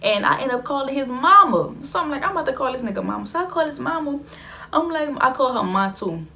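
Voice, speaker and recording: A woman's voice: sits high, big pitch swings, fast, vocal fry, pushed and bright, a little hiss or hum. Chatty young woman telling her story. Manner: chatty, emphatic, repeats phrases for effect. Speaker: vlogger telling a personal story. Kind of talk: casual storytime.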